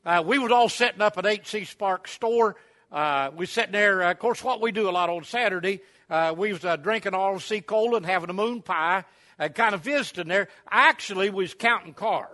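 Folksy preacher, bright voice. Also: male voice, high voice, brisk. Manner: folksy, rambling, many fillers. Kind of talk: sermon storytelling. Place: camp meeting service.

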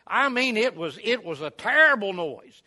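A preacher spinning a folksy yarn at a camp meeting, rambling with many uhs and restarts. His voice sits high for a man and sounds bright and forward. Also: very animated, moderate pace. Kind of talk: sermon storytelling.

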